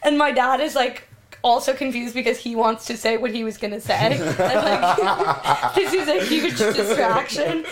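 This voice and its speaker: A woman co-hosting a podcast in casual chat, telling animated stories with frequent swearing and laughter. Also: on the high side, unhurried. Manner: animated storyteller, swears freely, laughs often. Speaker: podcast co-host.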